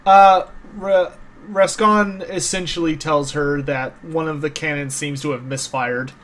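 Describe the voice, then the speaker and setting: A man's voice: fairly high pitch, steady tone, measured pace, a bit bright. A man playing a tabletop game, describing his character's actions in the third person. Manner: descriptive, starts lines with uh. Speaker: player.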